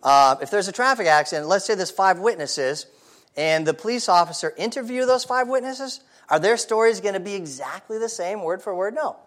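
Man preaching, fairly high voice, chatty and questioning. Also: lively intonation, a little fast, a bit bright. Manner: conversational, rhetorical questions, frequent repeated starts. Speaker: pastor. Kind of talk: sermon.

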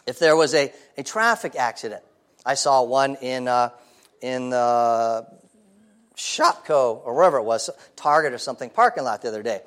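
A man's voice: mid-range voice, normal speed, fairly bright tone. A man preaching a sermon in a conversational way, asking the congregation rhetorical questions and often repeating his first words. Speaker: pastor.

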